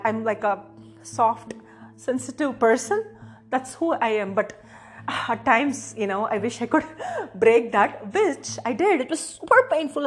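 A woman's voice: sits high, husky. Gushing woman from India, emotional podcast. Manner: gushing, emotional, repeats "oh my God". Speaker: podcast host. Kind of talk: casual personal podcast monologue.

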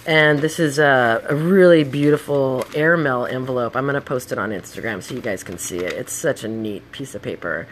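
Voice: mid-range voice, normal speed, hardly any pauses, a bit bright, a little hiss or hum. A middle-aged podcast host and hairdresser telling stories in a casual monologue, blunt and profane with heated outbursts.

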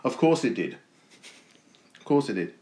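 A man's voice: mid-range voice, very animated, moderate pace, dark tone. An Australian man co-hosting a casual podcast, reading odd news stories aloud and cracking jokes between sentences. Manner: reads news stories aloud with jokey asides. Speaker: podcast co-host. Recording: roomy echo.

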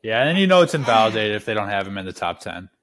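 A man co-hosting a casual sports podcast, making dry, teasing low-key asides. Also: big pitch swings, fast, a bit bright. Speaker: podcast co-host.

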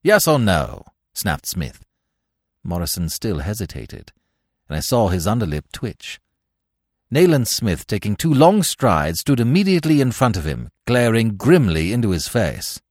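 A man narrating a classic story in a measured, expressive audiobook reading. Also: lowish voice, no room sound, clean studio sound.

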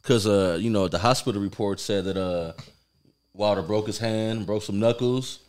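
A man's voice: fairly low pitch, moderate pace, darkish tone, clear, resonant tone. A man co-hosting a boxing podcast, talking casually with heavy swearing and joking. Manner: profane, joking, acts out referee counts. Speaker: podcast co-host. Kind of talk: casual chat.

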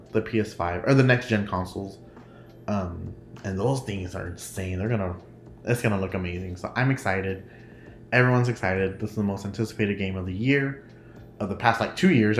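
A man hosts a casual solo podcast, rambling excitedly and tripping over fillers. His voice sits on the low side. The recording carries a roomy echo with a faint hiss of noise underneath. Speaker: podcast host.

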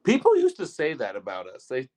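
A man's voice: medium pitch, huge pitch swings, brisk, darkish tone. A man co-hosting a casual chat with laid-back, joking banter. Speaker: podcast co-host. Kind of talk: casual chat while playing music.

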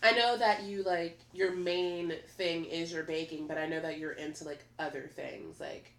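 A woman's voice: lowish voice, steady tone, normal speed, fairly bright tone, echoey room. A woman co-hosting a podcast. She asks questions in a loose, slangy way and often breaks off her own words. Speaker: podcast co-host. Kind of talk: casual podcast chat.

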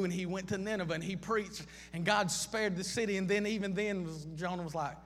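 A man's voice: sits high, brisk, hardly any pauses, slight background noise. A man preaching a sermon, impassioned, piling up repeated questions and restarting phrases. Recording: long reverb of a large hall.

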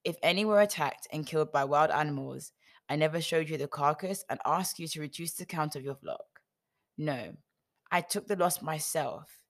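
A woman's voice: deep voice, normal speed. A woman reading the lines of an aggrieved male herdsman who defiantly lists his years of hard work.

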